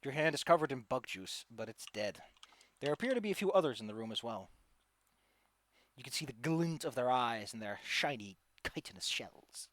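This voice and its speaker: A man's voice: mid-range voice, expressive, normal speed, fairly bright tone, dry recording. A man narrating as game master in a tabletop game, talking loosely with lots of filler words.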